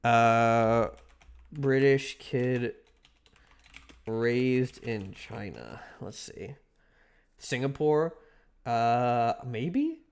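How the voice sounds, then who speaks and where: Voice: mid-range voice, lively intonation, very slow, long pauses, smooth. A livestreamer chatting casually with viewers, rambling with many restarts and filler words.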